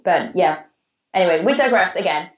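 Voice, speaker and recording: A woman's voice: on the low side, lively intonation, moderate pace, echoey room, poor audio. A Welsh woman co-hosting a podcast, chatting casually and reading out a listener's question, with a digressive manner. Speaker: podcast co-host.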